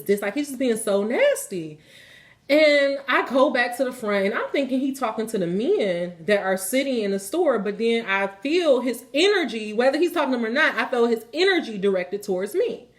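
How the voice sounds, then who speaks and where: A woman hosting a spiritual reading, telling a personal story in casual, animated speech with lots of swearing. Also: on the high side. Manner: animated, swearing freely, colloquial.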